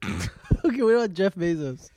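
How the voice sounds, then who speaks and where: High-voiced young man egging others on. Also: big pitch swings, normal speed, warm tone, no echo. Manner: pushy, laughing, egging others on. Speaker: livestream co-host. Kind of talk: casual chat.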